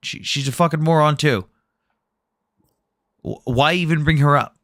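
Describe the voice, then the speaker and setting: Blunt, profane man with a bright voice. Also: a little high, moderate pace, no room sound, studio quality. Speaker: host. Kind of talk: casual heated debate chat.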